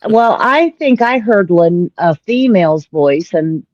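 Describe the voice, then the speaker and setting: A woman's voice: medium pitch, animated, takes it slowly, darkish tone, no echo, highs cut off. A woman from Florida with a Southern accent, a guest chatting frankly and casually. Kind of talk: casual interview chat.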